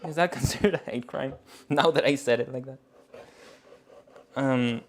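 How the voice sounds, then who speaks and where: A man's voice: medium pitch, measured pace, pauses often, background noise. A man chatting casually on a cooking live stream, joking about himself and laughing often. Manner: giggly, joking, self-mocking.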